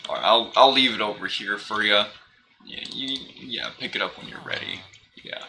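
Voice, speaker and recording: A man's voice: lowish voice, moderate pace, gravelly, background noise. A young man chatting casually on a live game stream, rambling and questioning himself, with frequent laughs. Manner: rambling, self-questioning, animated, laughs often. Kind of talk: casual live-stream chat while gaming.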